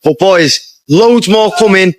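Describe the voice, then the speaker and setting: A man's voice: high voice, takes it slowly, dry recording. A man recording a farewell message to his followers in a matey way, keeps calling them boys.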